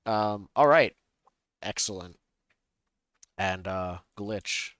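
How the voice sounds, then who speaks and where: A man's voice: fairly low pitch, very slow, fairly bright tone, dry recording, studio quality. A man acting as game master, running a tabletop game over a voice call and prompting players with brief questions.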